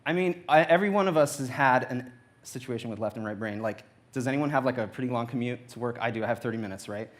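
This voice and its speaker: A man's voice: medium pitch, fast talker. A young adult man giving a playful, anecdotal testimony to a church audience. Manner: playful, anecdotal, acts out quotes. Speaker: church speaker. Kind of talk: humorous personal testimony on stage. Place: church auditorium.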